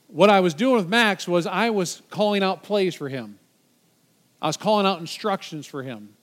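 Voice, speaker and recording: A man's voice: on the high side, a little fast. A man preaching a sermon to a church congregation, conversational and encouraging, with playful banter on stage. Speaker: pastor.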